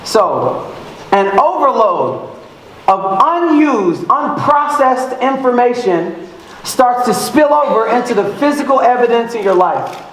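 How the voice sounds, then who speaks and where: A man with a very high voice speaks as a motivational speaker on a big stage. He talks with lots of energy, calls out to the crowd and adds playful sound effects. His voice rings through a very echoey hall with faint noise behind it. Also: very animated, takes it slowly, fairly bright tone. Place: large event hall.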